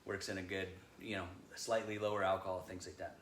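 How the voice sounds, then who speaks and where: A man's voice: sits low, level tone, a little fast, a bit bright. A man co-hosting a casual wine chat, loose and joking, laughing often. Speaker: winery co-owner podcast host. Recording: echoey room.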